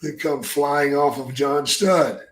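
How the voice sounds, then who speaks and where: A man's voice: fairly high pitch, fairly even intonation, slow, roomy sound, low-quality recording. An older man and former wrestler hosting a podcast, telling blunt, profane stories in a casual way. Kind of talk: casual storytelling.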